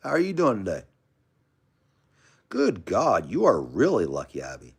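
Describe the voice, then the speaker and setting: Low-voiced american guy on a live stream, rambling and friendly, calls everyone brother, voice all over the place. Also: huge pitch swings, a little slow, gravelly, breathy edge. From United States. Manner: chummy, calls viewers brother and man, rambling asides. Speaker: livestream host. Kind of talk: casual live chat reading comments.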